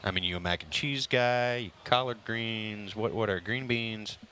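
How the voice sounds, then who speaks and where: A man calling a casual kickball game in a low, easygoing voice. He jokes between plays and keeps the count going. Faint outdoor noise sits under his voice. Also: normal speed, bright, forceful tone. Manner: joking, chatty play-by-play. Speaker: play-by-play commentator. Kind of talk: casual sports commentary.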